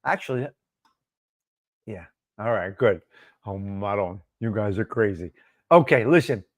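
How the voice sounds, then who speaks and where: A man's voice: fairly low pitch, a little slow, no echo, clean studio sound. A man hosting a live stream, chatting casually with viewers, laughing often and answering the chat. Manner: laughing, animated, talks back to chat.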